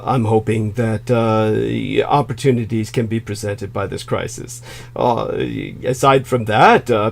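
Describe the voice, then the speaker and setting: A man hosting a livestream discussion, who talks haltingly with many filler sounds and says he is losing his voice. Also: mid-range voice, vocal fry. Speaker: livestream host.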